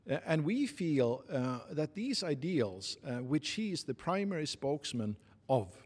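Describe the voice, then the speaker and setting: A man with a Norwegian accent giving formal interview answers in a halting, measured way, with many pauses and fillers. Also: medium pitch, a little mellow. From Norway. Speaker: interviewee, committee secretary. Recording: long reverb.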